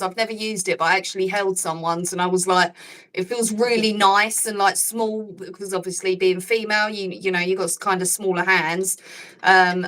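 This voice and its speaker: A woman's voice: medium pitch, a bit bright, rough recording. A young English woman, a podcast guest, chatting casually with many fillers and restarts. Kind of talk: casual chat.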